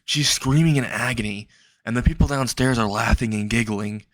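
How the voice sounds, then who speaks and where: A young man narrating a dark fan fiction story in a slow, halting way. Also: no room sound. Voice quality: low, gravelly voice.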